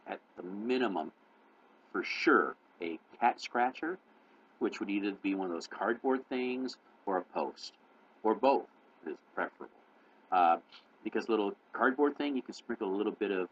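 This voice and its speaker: A man runs his own channel and offers loose, wandering advice on caring for cats, deliberately talking fast and peppering it with fillers and false starts. His voice sits low, and the high frequencies are cut off.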